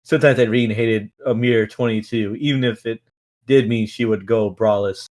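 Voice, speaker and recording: A man's voice: fairly low pitch, steady tone, moderate pace, darkish tone. A man reading a novel aloud on a stream in a casual way, with stumbles, restarts and stifled laughs.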